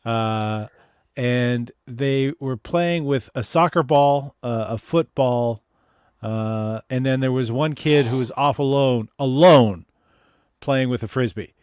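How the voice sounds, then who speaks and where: A man's voice: mid-range voice, slow pace, a little mellow, clear, resonant tone, no echo. A man co-hosting a casual video call chat, telling stories with wry jokes. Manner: wry, joking, easygoing storytelling. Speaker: co-host.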